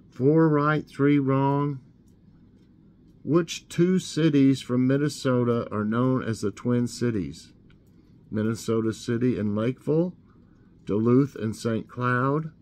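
Slow-talking man musing over trivia. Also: medium pitch. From Tennessee. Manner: slow, musing, reads questions aloud and thinks out loud. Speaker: host. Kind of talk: casual trivia chat.

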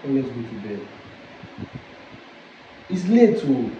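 A man's voice: medium pitch, sing-song, takes it slowly. A man, coaxing and soothing his wife in casual late-night talk. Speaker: husband. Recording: echoey, muffled phone video with loud noise.

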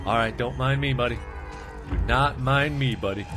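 A young man in his twenties commentating a horror game, with jumpy, loud screaming outbursts and jokey asides. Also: mid-range voice, fairly quick, soft background music. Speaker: let's play host.

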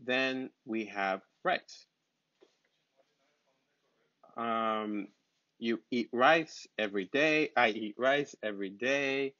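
A man teaching basic English vocabulary, speaking slowly with simple words and repeating each word patiently. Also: medium pitch, bright, forceful tone, no echo. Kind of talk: slow, simple vocabulary lesson. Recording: dull, lo-fi sound.

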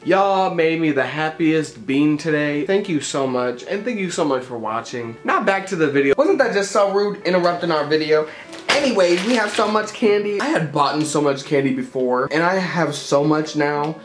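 An art vlogger chatting casually to camera at home, excitable and gushing. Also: mid-range voice, moderate pace. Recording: roomy echo with faint music.

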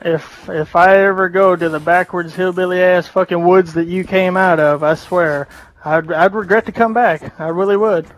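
Man, fairly high voice, sarcastic, mocking, swears a lot, online game chat. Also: fairly even intonation, moderate pace, poor audio. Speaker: online gamer.

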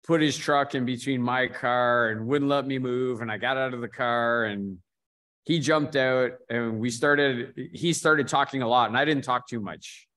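A man's voice: mid-range voice, steady tone, a little slow, pushed and bright. A man hosting a casual martial arts chat, telling a road story and calling on each guest in turn. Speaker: podcast host.

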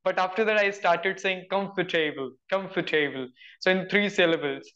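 High-voiced Indian man, lots of fillers. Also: a little fast, sharp tone. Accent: Indian English. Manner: earnest, uses many "like, you know" fillers. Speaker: guest, English learner. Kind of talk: casual conversation. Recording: dull, lo-fi audio.

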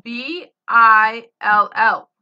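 Lady teacher reading out spelling words real slow, spells each letter, kinda dull lo-fi sound. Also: fairly high pitch. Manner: spells words letter by letter, then gives example sentences.

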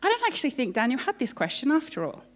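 In a high voice and at a fast pace, a woman preaches a sermon in church. She tells the story in a lively way and tosses playful asides to the congregation.

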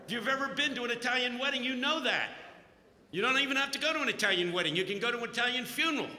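Bright-voiced joking preacher in an echoing hall. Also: male voice, extremely high pitch, very fast. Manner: joking, animated storytelling. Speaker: conference speaker, preacher. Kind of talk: humorous sermon. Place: conference hall. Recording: echoey hall, long reverb.

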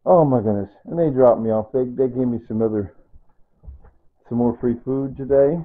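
An older man vlogging casually at home, excitedly showing his tomato plants and repeating exclamations, filmed on a camera held close. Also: medium pitch, moderate pace, dry recording. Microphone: phone camera held close. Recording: dry tinny phone-like audio.

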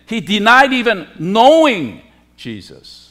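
A man preaching a sermon as pastor, emphatic, with forceful rising peaks on key words. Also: high voice, wildly swooping pitch, slow. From lived in Korea.

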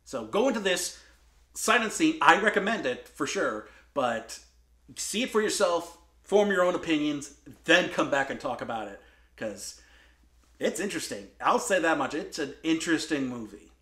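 A man's voice: a little high, very animated, moderate pace, pushed and bright. Rambling male movie reviewer, roomy sound. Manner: rambling, many fillers and restarts. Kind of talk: casual review talk. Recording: roomy room.

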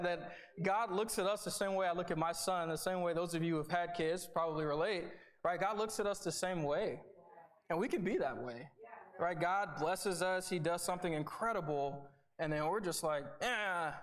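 Young guy preaching, high-ish voice, chatty and earnest, keeps saying right. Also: normal speed. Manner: conversational, earnest, with repeated starts and "right?" asides. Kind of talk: sermon.

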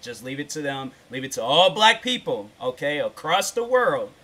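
A man's voice: on the high side, sing-song, normal speed, bright, forceful tone. A man ranting casually as a YouTuber, rambling with lots of "like" and restarts, and turning insistent when he makes a point. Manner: rambling, slangy, full of "like" and restarts. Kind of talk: casual rant.

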